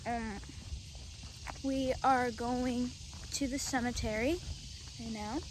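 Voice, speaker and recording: A young woman chats casually as the videographer on an outdoor cemetery walk, reacting squeamishly to what she finds. Her voice sits high and she speaks slowly, with clear outdoor noise behind her. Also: steady tone. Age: young adult. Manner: slow, squeamish exclamations. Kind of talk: casual chat.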